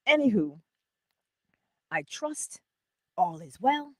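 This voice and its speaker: A woman hosts a relaxed livestream chat, her pitch leaping up and down as she greets viewers by name and calls them honey. She talks at an unhurried pace, close to the mic in a dry, dead room. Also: no room sound. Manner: animated, laughing often, calling viewers honey. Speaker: livestream host.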